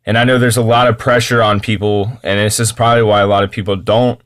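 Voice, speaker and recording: A man with a somewhat low voice hosts a podcast in a relaxed, chatty way. He heaps on praise in long, rambling sentences, full of restarts and soft fillers. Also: fast talker. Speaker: podcast host. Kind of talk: casual interview chat.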